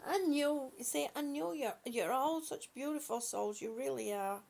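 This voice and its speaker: A woman hosting a live stream, speaking softly and affectionately to her viewers with halting, repeated words. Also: high-pitched, creaky. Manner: soft, affectionate, calls viewers honey and sweetie. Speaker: livestream host reading viewer comments. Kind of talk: slow casual live chat.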